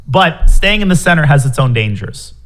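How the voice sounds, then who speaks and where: A man's voice: fairly high pitch, very animated, normal speed, fairly bright tone. A man commentating a live chess game, explaining moves analytically with wry humor.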